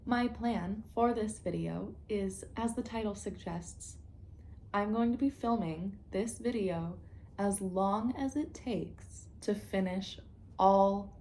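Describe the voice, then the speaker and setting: Slow, mellow-voiced woman with a groggy morning voice. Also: medium pitch, a little hiss or hum. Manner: chatty and self-aware, addresses viewers directly. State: groggy morning voice, just woke up. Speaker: crafting vlogger. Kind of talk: casual vlog chat.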